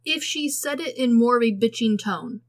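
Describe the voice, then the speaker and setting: A woman's voice: on the high side, moderate pace. A woman co-hosting a podcast, chatting casually and sarcastically about a movie, acting out lines as she goes. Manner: sarcastic, animated, acts out quotes. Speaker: podcast co-host. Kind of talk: casual movie review chat.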